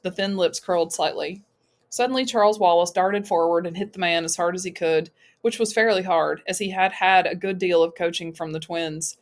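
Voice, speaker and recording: A woman narrates a novel as an audiobook reader. Her voice sits fairly low, and she raises pitch and loudness when she speaks for the characters. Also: moderate pace. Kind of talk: reading a novel aloud.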